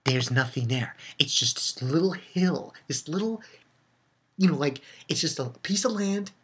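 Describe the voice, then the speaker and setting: A man giving a casual spoken review of a comic chapter, retelling it excitedly with swearing and lots of fillers. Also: a little high, a little slow, husky. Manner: excitable, loose and profane, with many fillers. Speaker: manga reviewer.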